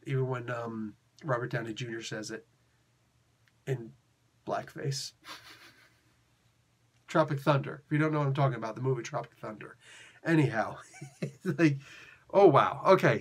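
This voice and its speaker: A man hosting a casual comic book review, talking in an excitable, rambling, slangy way. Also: fairly high pitch.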